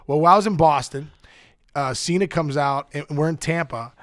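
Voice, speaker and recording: A middle-aged man, a former ballplayer, telling animated stories as a guest in a casual podcast chat, laughing often and acting out quotes. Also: on the high side, a little fast, no room sound.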